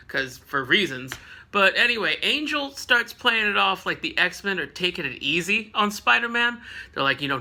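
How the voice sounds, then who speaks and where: Animated, bright-voiced man recapping a comic. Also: high-pitched, moderate pace. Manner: animated, laughing, jokey asides. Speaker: comic book reviewer. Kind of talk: casual recap with playful character voices.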